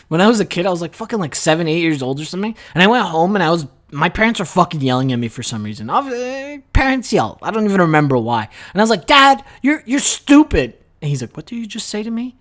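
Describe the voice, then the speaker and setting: A man's voice: on the high side, very animated, quick pace. A young man hosting a comedy video, ranting in a brash, crude, mock-boastful way. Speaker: comedy vlogger. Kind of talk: profane comedic rant.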